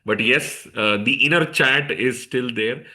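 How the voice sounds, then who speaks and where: Event host guy, bright voice, kinda hesitant, lots of uh between words. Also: mid-range voice, unhurried. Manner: hesitant, with many fillers. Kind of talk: hosting an event session.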